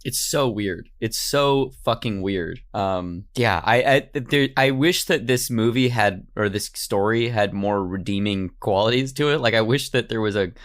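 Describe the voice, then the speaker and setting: A man's voice: fairly low pitch, a little slow, hardly any pauses. A man hosting a podcast, telling a story casually and animatedly, slipping into goofy voices for quotes.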